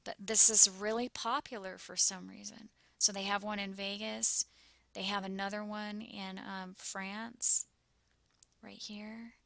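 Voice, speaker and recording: A woman's voice: medium pitch, flat delivery, unhurried, vocal fry, a bit bright, no room sound. A woman vlogging anxiously over a map, shaken and close to tears, often dropping into whispers. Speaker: YouTuber sharing visions.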